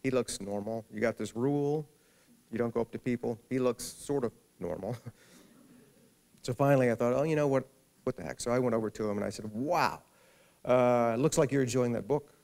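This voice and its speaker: A man's voice: medium pitch, a little fast, gravelly, pauses often, a little mellow. A middle-aged man, the featured author at a library event, telling a funny anecdote to an audience and acting out the people in it. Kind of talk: storytelling talk to an audience. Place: event hall before a live audience.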